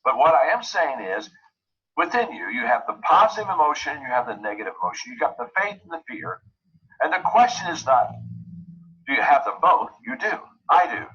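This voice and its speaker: A male motivational speaker who drives his points home and repeats key phrases. His voice is bright and forceful with a husky edge. The recording sounds dull and lo-fi. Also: fairly high pitch, sing-song, a little fast. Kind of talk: motivational talk.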